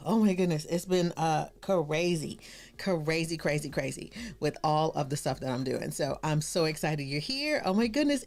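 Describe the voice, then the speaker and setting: A woman hosting a live stream, chatting in a casual, animated and exclamatory way with her viewers. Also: sits low, brisk. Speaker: livestream host and branding coach.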